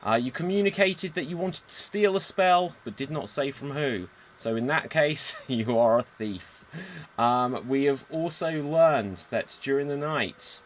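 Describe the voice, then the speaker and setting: A man's voice: medium pitch, lively intonation, a little slow. British man hosting a game. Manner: upbeat, theatrical announcing. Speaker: game master host. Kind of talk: hosting a live improv game.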